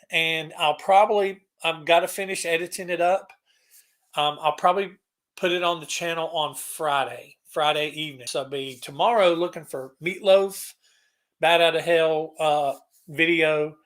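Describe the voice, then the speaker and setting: A man's voice: fairly high pitch, a bit bright. A man hosting a casual live stream, rambling and greeting viewers by name as he talks. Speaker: livestream host.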